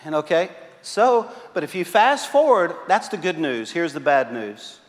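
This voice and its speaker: High-voiced joking pastor in a reverberant hall. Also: male voice, expressive, unhurried. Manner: joking, self-mocking storyteller. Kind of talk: sermon.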